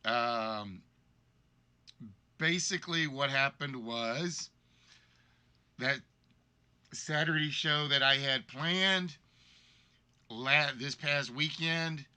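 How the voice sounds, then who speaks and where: A man's voice: medium pitch, very slow, long pauses, sharp tone, clean tone. A man hosting a game show livestream, chatting casually and rambling about being sick, his voice congested and worn by a cold. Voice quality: weakened, congested voice. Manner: rambling, apologetic storytelling.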